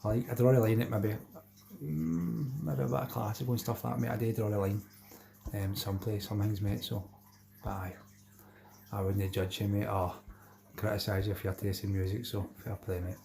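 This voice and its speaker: A Glaswegian man hosts a laid-back fishing livestream, reading out viewers' names and calling everyone "mate" nonstop in chatty live conversation. His voice sits on the low side, warm and steady, with some vocal fry and a moderate pace.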